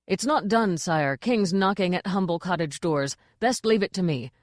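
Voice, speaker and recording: A woman's voice: lowish voice, animated, normal speed, no echo, studio quality, lightly acted. A woman voicing a blustering, over-zealous male castle sergeant in an audiobook. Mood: eager. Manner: loud, dim-witted, over-zealous.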